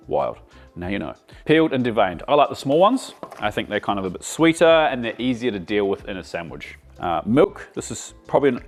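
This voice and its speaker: An Australian man hosting a casual cooking demonstration, chatty and enthusiastic as he talks while he cooks. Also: on the low side. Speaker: cooking show host.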